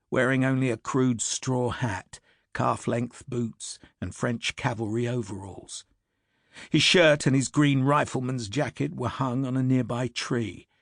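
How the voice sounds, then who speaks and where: A man narrating an audiobook in a measured, steady, scripted way. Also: mid-range voice, breathy edge, no room sound, clean studio sound.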